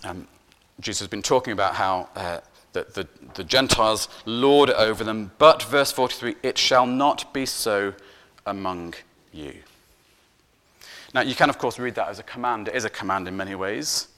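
A man's voice: on the low side, fairly quick. Earnest male preacher delivering a sermon. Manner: earnest, emphatic, with repeated words; swings from loud emphasis to soft, hushed endings.

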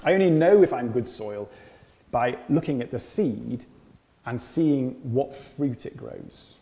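A man's voice: medium pitch, lively intonation, takes it slowly, creaky, mellow, in a large hall. A man preaching a sermon, earnest, often repeating phrases and asking rhetorical questions.

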